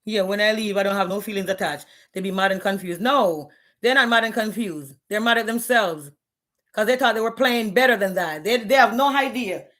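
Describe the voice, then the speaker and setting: A woman's voice: mid-range voice, fairly quick, fairly bright tone. A woman, ranting bluntly and profanely on a live stream, challenging her viewers. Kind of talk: candid live-stream rant.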